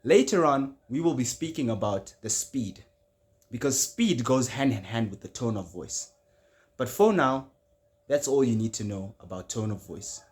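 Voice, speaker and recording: A young man giving a casual spoken tutorial on public speaking, shifting his pitch and loudness for emphasis. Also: animated, normal speed.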